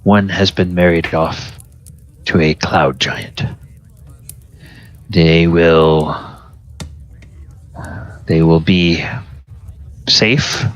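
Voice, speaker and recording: A man's voice: low voice, fairly even intonation, extremely slow, long pauses, no room sound. A man voicing a grave giant king. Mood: solemn. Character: solemn old giant king, grieving father. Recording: dull lo-fi recording.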